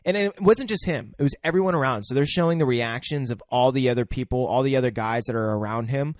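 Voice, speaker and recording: A man co-hosts a podcast, talking earnestly about acting in a rambling, slangy way. His voice is of middling pitch, and the recording is close and dry, with no room echo. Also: quick pace. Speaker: podcast co-host. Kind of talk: casual chat about film acting.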